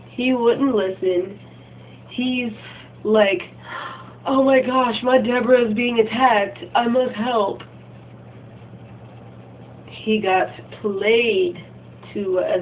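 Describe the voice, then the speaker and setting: A woman vlogger ranting casually about a game, rambling and breathless, full of "like" and "freaking". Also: medium pitch. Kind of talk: casual rant retelling a game. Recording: tinny phone-like recording, faint hum.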